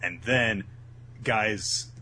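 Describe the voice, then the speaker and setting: A man co-hosting a casual podcast, recapping a manga in a laid-back way and slipping in quick voiced asides for the characters. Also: fairly low pitch, bright, forceful tone, a little hiss or hum, low-quality recording. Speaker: podcast co-host.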